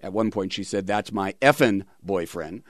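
A man's voice: low-pitched, normal speed, no echo, studio quality. A middle-aged man hosting a radio talk show, chatting in a rambling way with many fillers.

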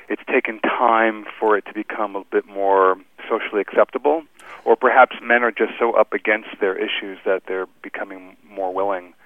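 Life coach guy calling in, lowish voice, earnest w dry jokes, tinny phone line. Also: no echo. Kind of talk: casual radio interview.

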